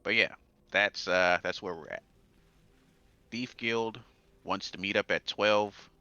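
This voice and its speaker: A man's voice: lowish voice, takes it slowly, pushed and bright, smooth, dry recording, dull audio. A man recapping a tabletop game story in a rambling, hesitant way, with many fillers. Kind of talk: casual in-character recap.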